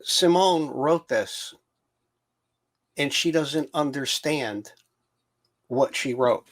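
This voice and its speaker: A man co-hosting a discussion, calmly pointing out an irony in what was just read. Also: a little high, extremely slow. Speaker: podcast co-host. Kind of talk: casual discussion.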